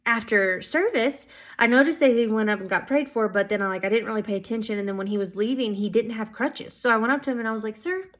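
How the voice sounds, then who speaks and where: A woman telling stories of answered prayer to her viewers, casual and excited, with lots of "um"s and "like"s. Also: a little high, fast talker. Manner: excited, filler-heavy, many "like"s and "um"s. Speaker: ministry school student. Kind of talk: casual testimony storytelling.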